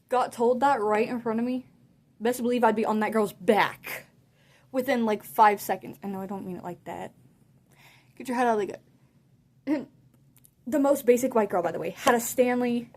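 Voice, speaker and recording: Chatty higher-voiced woman telling a story. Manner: chatty and animated, heavy use of "like"; laughs often mid-sentence. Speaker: vlogger. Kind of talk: casual storytime chat.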